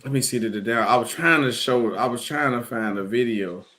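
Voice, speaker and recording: A man's voice: mid-range voice, a little fast, pushed and bright. A man hosting a casual sports chat with friends, laid-back and chatty, laughing often. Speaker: podcast host. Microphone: headphones on, live call setup.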